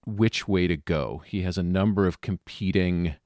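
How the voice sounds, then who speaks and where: A man playing in a tabletop horror game, thinking aloud about his character with many pauses and ums. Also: deep voice, a little mellow, no echo, studio quality. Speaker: player.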